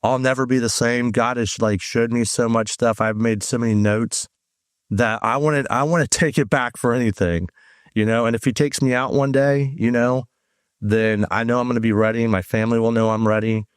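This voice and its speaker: A man, a guest on a talk, telling his life testimony in a rambling, animated way with lots of fillers. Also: medium pitch, moderate pace, clear, resonant tone, no room sound, clean studio sound. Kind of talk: conversational testimony.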